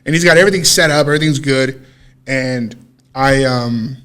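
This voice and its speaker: A man co-hosting a podcast, casually telling a story in an animated way, swearing freely and acting out what people said. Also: mid-range voice, normal speed, clear, resonant tone. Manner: animated, swears freely, acts out quoted dialogue. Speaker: podcast co-host.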